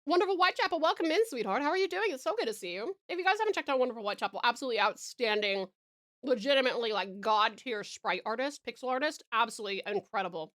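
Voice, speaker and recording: A woman's voice: a little high, lively intonation, racing, a bit bright. A woman with an Australian accent chatting casually on a live stream, giggling and eating as she talks. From Tasmania, Australia.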